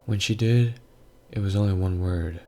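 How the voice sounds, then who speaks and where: Deep gravelly male horror narrator. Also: moderate pace, warm tone. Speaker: story narrator. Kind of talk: scripted horror story narration.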